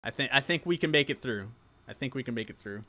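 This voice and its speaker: A man's voice: mid-range voice, expressive, fast, pushed and bright. A young man from New York with a New York accent, hosting a live-stream show and chatting casually with viewers, laughing often.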